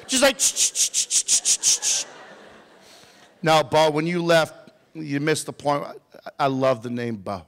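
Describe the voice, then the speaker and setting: Male speaker, high-pitched, teasing comic talk to youth, long hall reverb. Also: unhurried. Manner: playful, teasing, joking with audience members. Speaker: motivational speaker. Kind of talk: comedic motivational talk to a youth audience.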